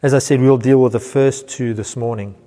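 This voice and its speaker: Middle-aged pastor preaching in a reverberant hall. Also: male voice, medium pitch, fairly even intonation, fairly quick, warm tone. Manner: earnest expository preaching, quoting scripture. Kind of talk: sermon.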